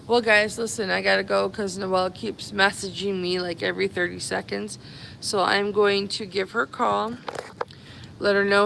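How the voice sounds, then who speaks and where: Very gravelly, slow-talking chatty woman. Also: medium pitch, fairly even intonation, fairly bright tone, slight background noise, poor audio. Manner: chatty, affectionate, calls viewers babies and honey. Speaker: live-stream host talking to followers. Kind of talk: casual live-stream chat. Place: airport, stranded after a cancelled flight. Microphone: phone live stream.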